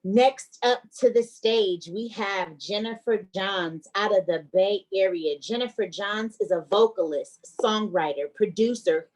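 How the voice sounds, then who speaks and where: A woman hosting an online event, earnest and warm as she thanks guests and introduces the next act, speaking over a video call. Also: medium pitch, a little slow, hardly any pauses, low-quality recording. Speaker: event host.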